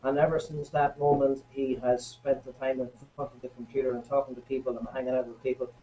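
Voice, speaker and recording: A businessman introducing the next speaker in a relaxed, hesitant way with plenty of ums. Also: medium pitch, quick pace. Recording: distant lo-fi recording with faint noise.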